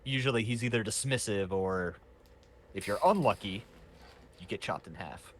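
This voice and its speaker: A man doing a low-voiced gruff camp guard. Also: moderate pace, a little hiss or hum, natural voice. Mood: warning.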